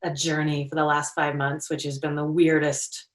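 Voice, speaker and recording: A woman's voice: deep voice, flat delivery, moderate pace. A woman in her thirties, a podcast guest, talking casually and chattily with many fillers from her home. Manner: chatty, lots of "like" and "um". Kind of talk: casual interview chat. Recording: roomy, distant from the mic.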